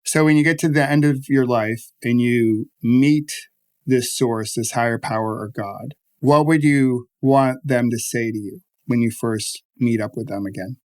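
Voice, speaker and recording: A man hosting a podcast, gentle and affirming as he talks with his guest. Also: medium pitch, a little slow. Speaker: podcast host. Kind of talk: interview conversation.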